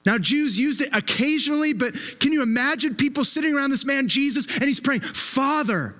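A man's voice: extremely high pitch, fast talker, sharp tone. A man preaching a sermon with an impassioned, emphatic delivery, often repeating his words as he presses a point.

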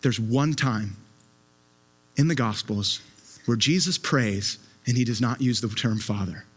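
A man's voice: mid-range voice, measured pace, breathy edge. A man preaching a sermon with an impassioned, emphatic delivery, often repeating his words as he presses a point.

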